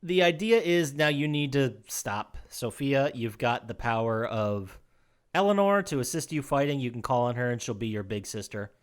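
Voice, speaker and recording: A man's voice: medium pitch, moderate pace, smooth. Laughing man retelling a game plot. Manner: animated storytelling with frequent laughs and restarts. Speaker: podcast co-host. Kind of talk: casual chat recapping a game story.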